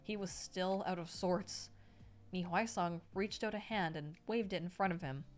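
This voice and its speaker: A young woman streaming herself reading a novel aloud, breaking off to react excitedly, swear freely and thank donors. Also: on the low side, normal speed, soft background music.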